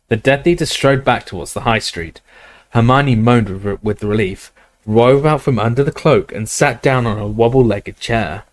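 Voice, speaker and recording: A man reading a novel aloud in steady, measured storytelling narration. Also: medium pitch, dry recording. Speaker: audiobook reader. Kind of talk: scripted narration.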